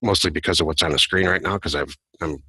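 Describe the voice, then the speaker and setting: Male podcast co-host, very deep, quick and bright, rambling casual delivery, dry sound. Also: steady tone, husky, no echo. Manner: rambling, self-correcting.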